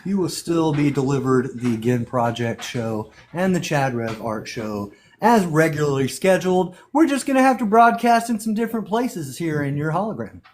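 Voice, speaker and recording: A man's voice: a little high, very animated, moderate pace, few pauses, a little hiss or hum. Laid-back man with playful slang. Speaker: livestream co-host. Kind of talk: casual livestream chat.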